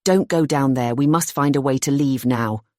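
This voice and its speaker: A woman's voice: a bass voice, normal speed, darkish tone, no echo, studio quality. A reader voicing a frightened young woman who speaks heavily accented English, urgent and defensive.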